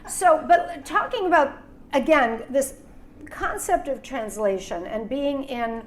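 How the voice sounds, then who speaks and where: A woman's voice: high-pitched, expressive, slow. A woman hosting an author interview, asking long, musing questions. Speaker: host and interviewer. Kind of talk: casual interview.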